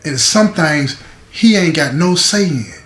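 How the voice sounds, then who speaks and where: A man's voice: a little high, lively intonation, measured pace, a bit bright. A man quoting a weary, protective mother who earnestly pleads with her daughter and repeats herself for emphasis. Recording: echoey room.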